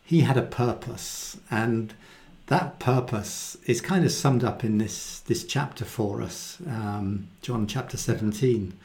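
A man giving a casual, animated Bible talk and often acting out the quoted voices in it. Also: medium pitch, takes it slowly, few pauses. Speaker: Bible teacher. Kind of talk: conversational Bible teaching.

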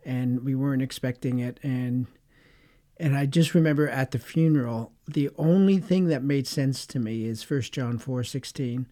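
A man's voice: medium pitch, normal speed, mellow. A man co-hosting a faith webcast, talking reflectively and circling his thoughts with many fillers. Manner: meandering, many "you know" fillers. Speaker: webcast co-host.

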